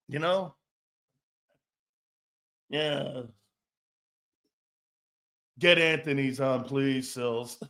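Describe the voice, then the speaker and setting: A man's voice: on the high side, extremely slow, long pauses, a bit bright. A man hosting a sports talk show, rambling and joking with frequent laughs, blunt and a bit profane.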